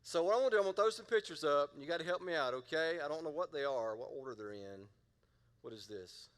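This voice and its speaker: A middle-aged man from the American South preaches a sermon, pitched a little high for a man. He keeps it loose and conversational, joking with his congregation and getting them to call out responses. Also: lively intonation, quick pace, fairly bright tone, clean tone, long reverb tail. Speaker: pastor.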